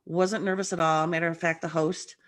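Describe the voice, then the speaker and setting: Here a guest medium, a woman, tells animated stories in casual conversation over a video call. Her pitch is fairly low and her pace brisk, with a morning roughness in her voice.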